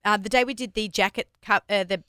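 A woman co-hosting a casual chat about writing her cookbook, telling stories in an animated way with many restarts. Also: medium pitch, fast, clean tone, no room sound, studio quality. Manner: chatty, animated storytelling with restarts. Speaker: cookbook author and co-host.

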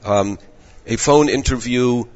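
A man who directs rabbinic placement, giving measured advice in an interview while losing his voice. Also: medium pitch, a little mellow. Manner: measured, advising. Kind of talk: explanatory interview answers. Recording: echoey dull room audio.

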